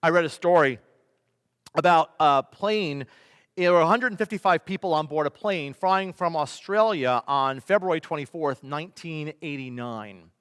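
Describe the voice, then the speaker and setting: A man, a pastor, preaching a sermon with emphatic delivery, rhetorical questions and swings between loud and soft. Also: a little high, moderate pace, clear, resonant tone. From United States. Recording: long reverb of a large hall.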